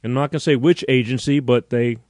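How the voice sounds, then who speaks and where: A middle-aged man hosting a live call-in show, telling rambling, animated stories full of fillers and restarts. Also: medium pitch, fast talker, no room sound, studio quality. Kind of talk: casual live-stream chat.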